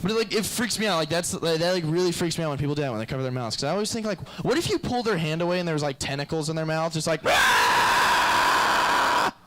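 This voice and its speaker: A young man performing a stand-up comedy set, rambling from bit to bit with crude, self-deprecating jokes. His voice sits a little high for a man. The delivery is loose and conversational. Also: lively intonation, very fast, few pauses, slight background noise, poor audio.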